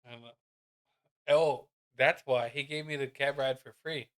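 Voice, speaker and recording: A man's voice: medium pitch, fairly even intonation, measured pace, a bit bright, smooth. A laid-back man chatting casually on a podcast, swearing and chuckling along. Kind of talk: casual conversation.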